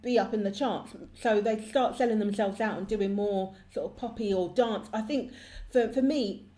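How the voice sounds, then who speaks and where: Brief: woman co-host reviewing pop music, mid-pitched voice, eager and full of opinions. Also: normal speed, dark tone. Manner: enthusiastic, opinionated, chatty. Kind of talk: casual chat.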